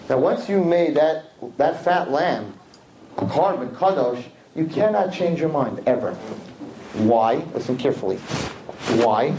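A rabbi teaches a religious lesson to a class in an animated lecture, telling stories and acting out characters with lively voices and sudden jumps high in pitch. The recording is rough.

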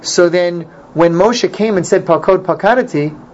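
A man teaching an informal Torah class, animated and repeating his points for emphasis. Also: high voice, normal speed. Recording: dull lo-fi recording, faint noise.

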